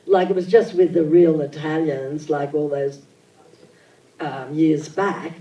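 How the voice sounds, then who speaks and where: An older woman, telling childhood stories in an animated, theatrical way at a live on-stage interview. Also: deep voice, takes it slowly, dull audio. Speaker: interview guest. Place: event venue with audience. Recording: echoey hall, mic at a distance.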